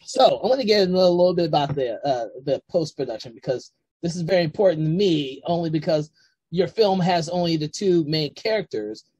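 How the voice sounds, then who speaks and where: A host with a husky, middle-pitched voice asks long, rambling questions in a casual interview over a video call. The sound is dry and close. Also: animated, fairly quick, mellow, no room sound.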